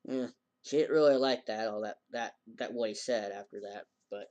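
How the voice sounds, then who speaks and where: A man's voice: on the low side, normal speed, a little mellow, muffled recording. A man casually recapping an anime episode in a rambling way, acting out the characters' lines in a raised voice. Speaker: anime reviewer.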